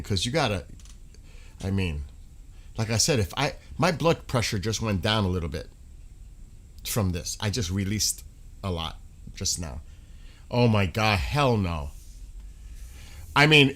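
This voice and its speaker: A man hosting a live stream, chatting casually with viewers, laughing often and breaking into bits of song. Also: lowish voice. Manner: laughing, rambling, breaks into sung snippets. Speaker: livestream host.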